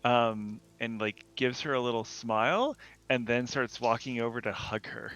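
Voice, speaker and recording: A man playing a tabletop game who talks quickly and loosely, with many fillers. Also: medium pitch, fairly bright tone. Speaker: player. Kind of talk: casual chat. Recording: dull lo-fi.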